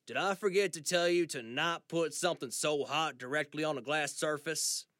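A male narrator voicing an ailing father facing memory loss, who speaks in a steady, gently insistent way in an audiobook reading. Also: fairly high pitch, moderate pace, dry recording, clean studio sound, close to an everyday voice. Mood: scolding.

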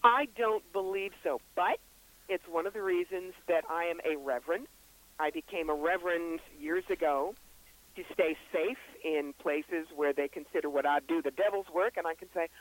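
A man with a brisk, wry storytelling manner, the psychic author and reverend being interviewed on a radio show. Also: fairly high pitch, fairly bright tone, rough recording. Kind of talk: interview guest.

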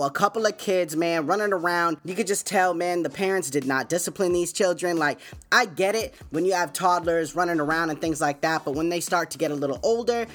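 On his podcast, a man spins casual stories in a relaxed, chatty monologue, laughing frequently and leaning on phrases like "man" and "you know what I'm saying." His voice is high and fairly bright.

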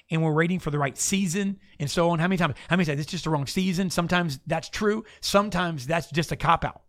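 Male host, casual preacher, lively and playful, slightly high voice, dry studio mic. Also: a little fast, dry recording. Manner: animated, preachy, playful asides. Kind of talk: casual faith talk.

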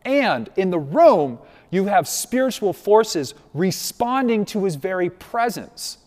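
A man's voice: high-pitched, big pitch swings, slow, darkish tone. A man preaching a sermon as a pastor, in a conversational way, checking in with the congregation. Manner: conversational, asks the congregation "right?". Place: church sanctuary. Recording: long reverb of a large hall.

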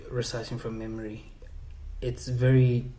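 A man poet on a panel, telling stories in an animated, expressive way. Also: mid-range voice, normal speed, reverberant, a little hiss or hum. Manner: animated storyteller, expressive, laughs easily. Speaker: spoken word poet on a panel. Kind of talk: panel discussion.

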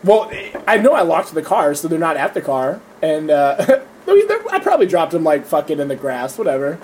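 Young man, high voice, profane laughing storyteller, casual chat, light background hiss. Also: sing-song, normal speed, a little mellow. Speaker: storyteller among friends.

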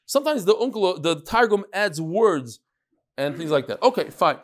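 A man's voice: sits high, animated, normal speed. A man teaching a casual study-group class, chanting lines and then explaining them with restarts and joking asides. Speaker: Talmud teacher.

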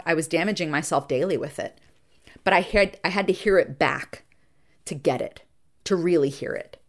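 A middle-aged woman therapist hosting a reflective podcast monologue, earnest and emphatic, slowing down to stress points and speeding through asides. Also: low voice. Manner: earnest and emphatic, shifting between slow deliberate stresses and quick asides.

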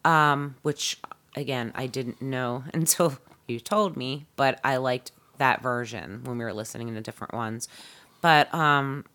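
A woman's voice: extremely low pitch, measured pace, a bit bright. A middle-aged woman co-hosting a podcast in casual chat, curious and playful, asking lots of questions. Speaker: podcast co-host.

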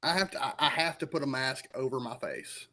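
A man's voice: mid-range voice, a little fast, bright, forceful tone. A man co-hosting a podcast in casual chat, laid-back and wisecracking, swearing now and then. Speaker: podcast co-host.

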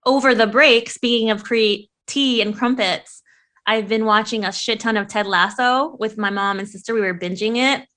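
A young woman chatting casually with a friend, animated and quick to laugh, swearing freely. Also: a little high. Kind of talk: casual chat.

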